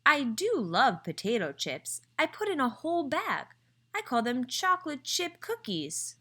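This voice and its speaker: A cheerful, literal-minded housekeeper, as a woman reading aloud puts her on, chirping high and bouncing all over her range. Eager and innocent, she sounds like a storybook heroine read to children. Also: huge pitch swings, unhurried, a bit bright, full character voice.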